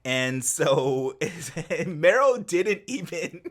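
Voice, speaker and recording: A man co-hosting a podcast, recapping a film scene in casual chat, animated, laughing often and acting out the characters' lines. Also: on the high side, drawn-out words. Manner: animated storyteller, laughs often, acts out quotes. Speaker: podcast co-host.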